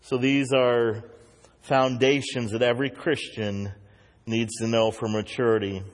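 A man preaching a sermon as pastor, earnest, rising higher and louder when he exhorts. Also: fairly even intonation, unhurried, big-room sound.

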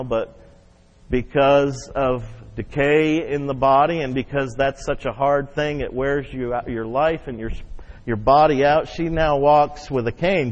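A man preaching a sermon, leading the congregation in call-and-response and rising loud on key points. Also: medium pitch. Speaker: pastor. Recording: muffled sound with long hall reverb.

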